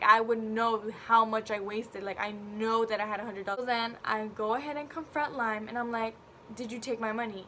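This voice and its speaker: Young woman spilling a storytime, kinda high voice, dramatic and slangy, little bit of hiss. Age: young adult. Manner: animated, dramatic retelling with slangy asides. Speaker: YouTuber telling a story. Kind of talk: casual storytime vlog.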